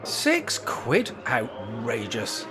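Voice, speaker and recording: A grumpy man with a sarcastic, bossy edge, playing a cantankerous old pensioner in a comedy sketch. His pitch swings widely as he grumbles and gives orders. Light music sits underneath. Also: wildly swooping pitch, extremely slow.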